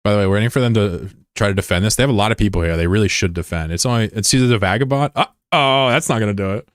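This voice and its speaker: A man streaming a game and chatting casually, rambling and swearing, who jumps into high-pitched shouting when something excites him. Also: very fast, dry recording, studio quality. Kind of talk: casual live-stream chat over gameplay.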